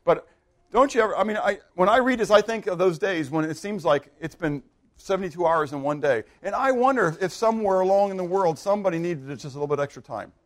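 A pastor preaching a sermon, animated and questioning his congregation, swinging between loud emphasis and hushed asides. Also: sits high.

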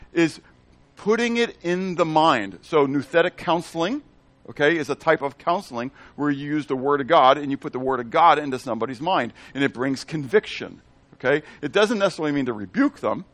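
Man preaching, animated swinging pitch, fairly high voice, keeps checking in with the room, dry close sound. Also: brisk, no echo. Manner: conversational, keeps checking in with the audience; asks the audience questions and repeats phrases. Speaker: Bible teacher. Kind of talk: expository Bible teaching.

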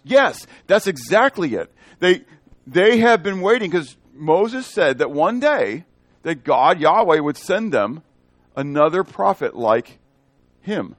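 A man's voice: fairly high pitch, dry recording. A man preaching a verse-by-verse sermon, quizzing his listeners and acting out the dialogue in shifting voices. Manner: animated, asks the congregation questions. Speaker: pastor. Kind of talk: expository sermon.

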